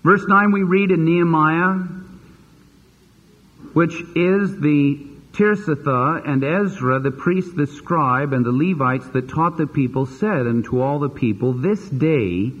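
A man preaching a sermon as pastor, animated and acting out the voices he quotes. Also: fairly high pitch, unhurried. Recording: dull lo-fi sermon recording with long reverb.

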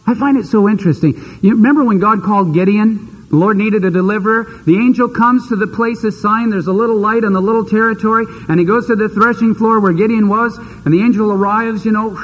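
A man preaching a sermon, retelling scripture in a lively, conversational storytelling manner. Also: high voice. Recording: long hall reverb.

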